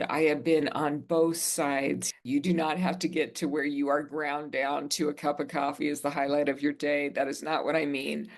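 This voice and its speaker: A podcast co-host with a gravelly, creaky texture tells a personal story in earnest, easy conversation. The delivery slows down at reflective moments, and the pitch sits in the middle of the range.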